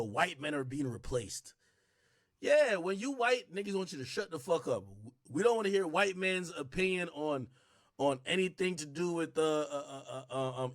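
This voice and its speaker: A man hosting a livestream, talking in a casual rant that swings from low mutters to shouted bursts. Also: no echo, studio quality. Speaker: livestream host.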